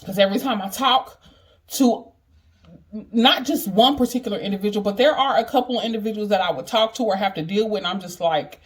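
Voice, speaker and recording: A woman's voice: mid-range voice, a little fast. A woman vlogger telling a personal story in casual, chatty talk, emphatic and earnest, often asking "you know what I mean".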